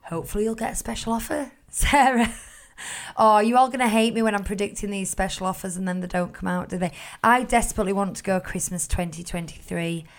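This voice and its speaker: A woman's voice: mid-range voice, steady tone, fairly quick. Woman answering listener chat. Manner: reads listener chat questions and answers them practically. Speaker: podcast co-host. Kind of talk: casual podcast chat.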